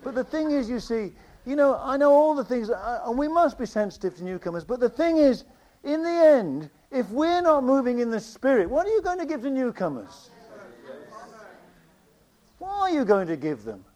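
A man preaching a sermon with passion, repeating phrases and swinging between loud declarations and quiet asides. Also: very high voice, big pitch swings, moderate pace.

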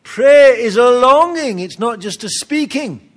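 A man's voice: very high-pitched, lively intonation, a little slow, a bit bright. A man preaching a sermon with humor, acting out little dialogues and chuckling at his own jokes.

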